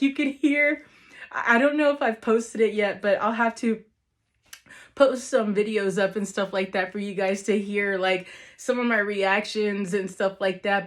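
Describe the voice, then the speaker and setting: A woman vlogger gushing over a live wrestling event in a casual, emotional recap, laughing often and calling out to her viewers. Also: a little high. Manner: gushing, emotional, laughs often, says "you guys" and "literally" a lot. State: near tears at moments.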